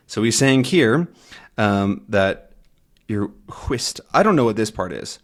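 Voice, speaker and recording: Slow, lively English teacher, man. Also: lowish voice. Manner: slow, careful explaining with frequent restarts and laughs. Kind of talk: reading and explaining a comic for learners.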